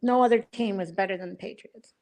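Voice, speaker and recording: A woman's voice: mid-range voice, fast talker, warm tone. A woman from Chicago chatting casually on a live show, telling stories and laughing often. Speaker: live show chat participant. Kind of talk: casual chat.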